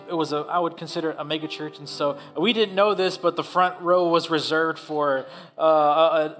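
A man giving a heartfelt personal testimony in a church service, with halting restarts. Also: high voice, fairly bright tone. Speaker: church speaker.

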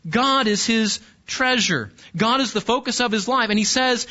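A man's voice: very high voice, normal speed, hardly any pauses, pushed and bright, dull audio. A man preaching a sermon, explaining a scripture passage earnestly and asking his listeners rhetorical questions. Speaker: pastor.

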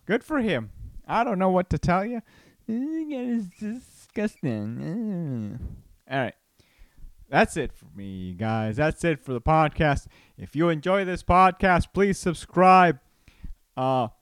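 A man's voice: a little high, clean tone, no room sound. A man hosting a casual solo podcast, rambling and joking with lots of fillers and restarts. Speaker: podcast host.

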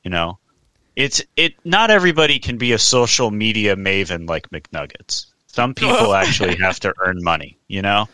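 A man's voice: lowish voice, animated, moderate pace, pushed and bright, dry recording. A man co-hosting a casual podcast, blunt and casually swearing. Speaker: podcast co-host.

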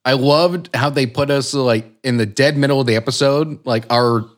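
A man's voice: medium pitch, moderate pace. A young man co-hosting a casual comedy podcast, easygoing and given to casual swearing. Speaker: podcast co-host.

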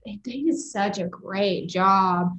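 A woman co-hosting a faith-based podcast, talking in a warmly affirming, reflective way. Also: mid-range voice, slow. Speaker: podcast co-host. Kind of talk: faith-based casual chat.

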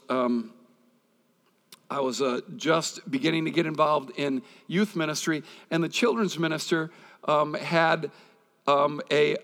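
A man's voice: fairly high pitch, fairly bright tone, in a large hall. A male pastor preaching a conversational sermon, mixing scripture reading with personal stories.

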